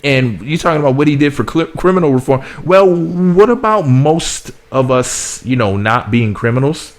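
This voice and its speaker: A man from the United States hosts a vlog of blunt, sarcastic political commentary, often repeating himself. His mid-range voice is expressive and moves at normal speed.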